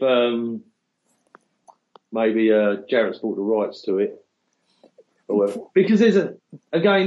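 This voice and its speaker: A man with an English accent co-hosting a casual podcast in a laid-back, sardonic way. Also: on the low side. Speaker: podcast co-host. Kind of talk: casual chat. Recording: dull lo-fi audio.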